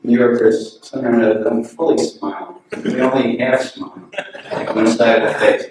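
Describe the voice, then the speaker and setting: A man's voice: mid-range voice, normal speed. Man, anecdotal storytelling, chuckling, very echoey hall, distant mic, noisy recording. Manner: relaxed storytelling, chuckling often. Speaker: speaker at a memorial gathering. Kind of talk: anecdotal remembrance.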